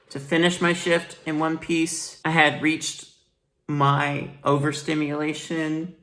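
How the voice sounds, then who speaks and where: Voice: medium pitch, fairly bright tone. A vlogger in a rambling, blunt personal commentary monologue, upset and swearing now and then.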